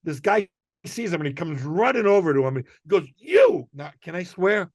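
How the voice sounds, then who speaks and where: An older male comedian telling a rambling, animated anecdote on a podcast. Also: on the high side, brisk, dry recording, clean studio sound. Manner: rambling, animated storytelling with restarts and acted quotes. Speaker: guest comedian.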